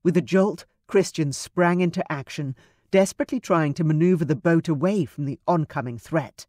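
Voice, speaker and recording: A woman narrating a romance audiobook in a measured, expressive reading. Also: low-pitched, no room sound, studio quality.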